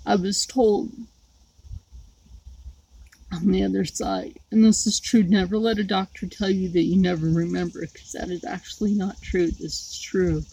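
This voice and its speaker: A woman talking to her viewers in a personal vlog, rambling and halting with many fillers, outdoors. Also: mid-range voice, fairly even intonation, vocal fry, dark tone, husky, rough recording. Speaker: YouTube creator.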